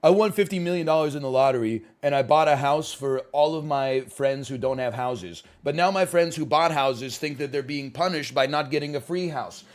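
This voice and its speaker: A man streaming live, chatting casually while he plays a game, rambling and often rising to loud outbursts. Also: on the high side, moderate pace, few pauses.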